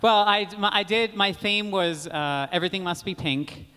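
A man with an Australian accent, chatting as a guest in an animated, giggly way and slipping into impressions. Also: sits high, moderate pace, clean tone, big-room sound. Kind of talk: casual podcast chat.

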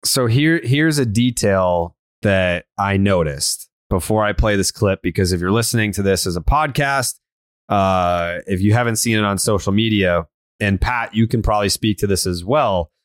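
A man's voice: fairly low pitch, moderate pace, no room sound, studio quality. A man hosting a casual sports podcast, blunt and swearing often, with many fillers and restarts. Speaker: podcast host.

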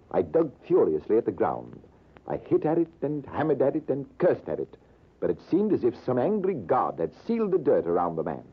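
A husky army major, swinging his pitch wide as he spins his war story. His telling is measured and dramatic. The sound is thin and lo-fi, like an old radio broadcast. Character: British army major spinning a tale. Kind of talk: 1940s radio acting.

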